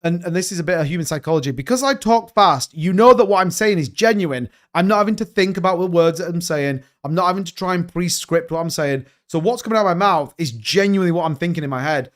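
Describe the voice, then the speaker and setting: A young man hosting a crypto live stream, talking fast and excitedly in a rambling, casual way while reading viewer comments. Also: sits high.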